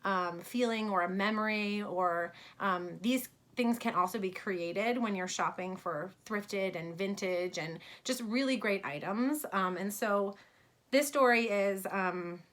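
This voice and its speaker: A woman's voice: medium pitch, a little slow, fairly bright tone. A woman in her thirties from New York, telling a personal story in a casual vlog about her fashion brand, chatty with many fillers.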